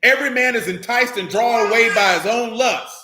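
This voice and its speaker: A man's voice: very high-pitched, brisk, reverberant, background noise. A man preaching an informal sermon to his congregation, reading scripture and breaking off into loose, slangy asides.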